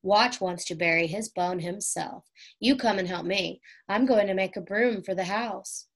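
A capable, motherly young girl in a storybook, as a woman reading aloud puts her on. She speaks brightly and exclaims with delight, always organizing the little ones. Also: medium pitch, moderate pace, natural voice. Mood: lively. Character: sensible, motherly young girl, the older sister.

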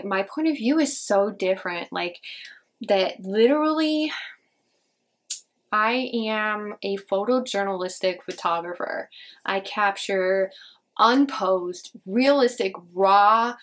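A woman's voice: mid-range voice, fairly bright tone. A young woman from northern Indiana with a slight Indiana twang, chatting casually to her viewers in a rambling way. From northern Indiana, US Midwest. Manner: chatty, rambling, many "like" fillers. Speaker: beauty vlogger. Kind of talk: casual chat to camera.

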